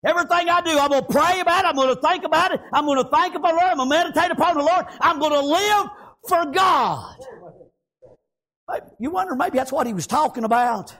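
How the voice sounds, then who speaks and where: A man preaching a fervent sermon, constantly breaking in with "amen" and "praise God" and rising into shouts. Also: very high voice, fairly quick.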